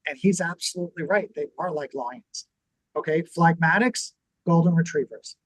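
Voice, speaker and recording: A man co-hosting a business talk show, teaching in a lively conversational way and acting out what people would say. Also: a little high, moderate pace, no room sound, low-quality recording. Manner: animated, acts out quoted reactions. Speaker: podcast co-host.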